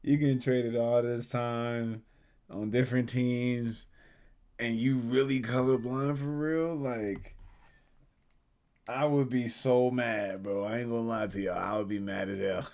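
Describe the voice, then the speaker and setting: A man's voice: medium pitch, fairly even intonation, measured pace, a little mellow. A man hosting a reaction video, talking in slangy, incredulous casual chat.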